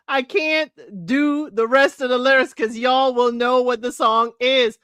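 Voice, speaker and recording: A woman's voice: sits high, steady tone, slow, fairly bright tone, smooth, no echo. A woman hosting a casual solo talk show, chatting to listeners as y'all and breaking into sung lyrics. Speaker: podcast host.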